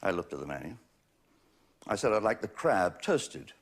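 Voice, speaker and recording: A man, hosting a stand-up routine and mocking his targets in quick runs that build to punchlines. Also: low voice, big pitch swings, gravelly. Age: 60s. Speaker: comedian host. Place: TV studio with a live audience. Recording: loud audience laughter behind. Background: audience laughter.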